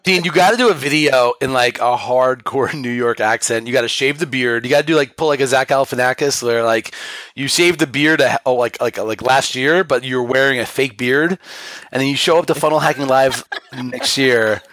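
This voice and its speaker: A man's voice: medium pitch, moderate pace, fairly bright tone, dry recording. Hyped guest guy on a podcast, rambles and laughs, dead dry sound. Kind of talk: casual chat.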